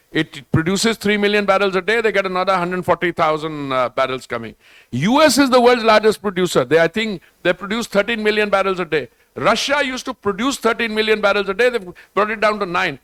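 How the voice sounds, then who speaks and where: A man's voice: high voice, a little fast, fairly bright tone, no room sound. An older man with an Indian English accent, speaking as a government minister in a festival panel conversation, talking in a discursive, digressive way and dropping Hindi phrases into his talk.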